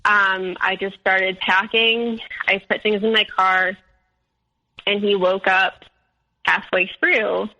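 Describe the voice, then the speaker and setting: A young woman being interviewed, telling a personal story candidly, with many fillers and animated quotes of others. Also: mid-range voice, slow, rough recording. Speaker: interview guest.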